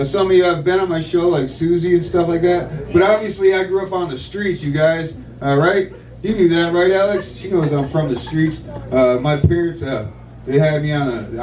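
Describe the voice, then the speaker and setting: A man doing stand-up at a bar, pausing often with fillers as he opens his set. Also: on the high side. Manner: hesitant, filler-heavy delivery. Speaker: radio show comedian. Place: kava bar comedy night, indoors. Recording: echoey room from a distance.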